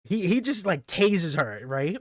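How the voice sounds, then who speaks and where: A man's voice: high voice, sing-song, measured pace, a bit bright, dry recording, clean studio sound. A man casually recapping comic chapters for his channel, rambling with lots of fillers and restarts. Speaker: manga review channel host.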